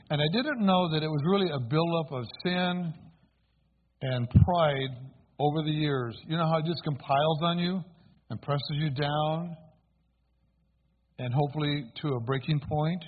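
Husky man giving a sermon testimony. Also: fairly high pitch. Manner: earnest storytelling with congregation call-outs. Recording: tinny phone-like sound.

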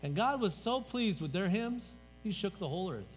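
A man's voice: high-pitched, expressive, moderate pace. A man pastor preaching a sermon in a church sanctuary, conversational and emphatic, letting his voice drop at the ends of phrases. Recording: reverberant hall, faint music.

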